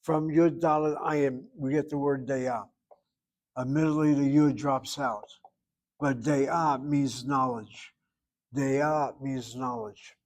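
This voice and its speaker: A man's voice: medium pitch, steady tone, takes it slowly, darkish tone. An older man teaching a Hebrew grammar class, wandering off into asides and carefully over-pronouncing each word he wants students to copy. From United States. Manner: digressive, emphatic over-pronouncing.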